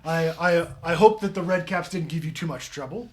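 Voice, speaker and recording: A wrinkled, crazy-eyed old woman with a high, sing-song cackle, as a game master puts her on. she lurches between a murmur and sudden loud outbursts, slow and drawn out on odd words. a scowling ruler of a junkyard fort in a tabletop game. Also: slight background noise, natural voice. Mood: welcoming. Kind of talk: game master voicing a character.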